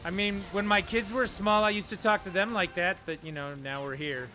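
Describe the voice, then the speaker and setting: Chatty bright-voiced man streaming a game. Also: high-pitched, steady tone, normal speed, soft background music. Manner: chatty, talks to his dog in a soft coaxing voice. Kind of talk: casual live-stream chat.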